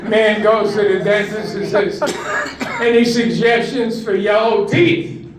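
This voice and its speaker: An older man doing stand-up at a retirement home talent show, slowly delivering one-liners and chuckling at his own punchlines. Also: high voice, steady tone, over a noisy crowd. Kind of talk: stand-up joke telling. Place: community room of a retirement residence. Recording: echoey room, distant mic, background noise.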